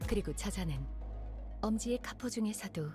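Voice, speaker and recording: A woman voicing a composed, formal adviser in a game, speaking in a hushed warning tone. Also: mid-range voice, rapid-fire, lightly acted. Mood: guarded. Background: game music.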